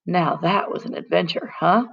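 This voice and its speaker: A woman's voice: on the low side, moderate pace, creaky, slightly rough, highs cut off. A woman voicing a small, brainy, theatrical boy who puts on grand mock-archaic speech, in a storybook reading. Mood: cocky.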